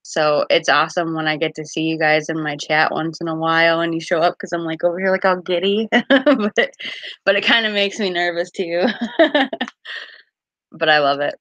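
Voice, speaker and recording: A woman's voice: on the low side, moderate pace, a bit bright, no echo. A woman casually chatting on a live stream as a card reader, giggly and full of fillers.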